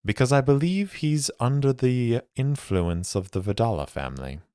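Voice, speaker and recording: A man playing a sly, smooth-talking male mercenary with courteous, measured speech. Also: mid-range voice, expressive, warm tone, no echo, clean studio sound, pitched above the performer's own voice, natural voice.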